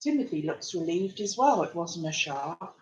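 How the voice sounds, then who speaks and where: A woman's voice: fairly low pitch, moderate pace, dull audio. A woman reading a picture book to small children, full of gasps and questions to her listeners. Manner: animated, gasping, speaking straight to the children. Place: at home.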